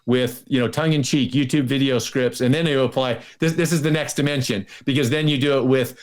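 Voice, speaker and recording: Excited man full of restarts. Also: mid-range voice, fairly quick. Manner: enthusiastic, many restarts and repetitions. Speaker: guest. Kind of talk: casual interview talk.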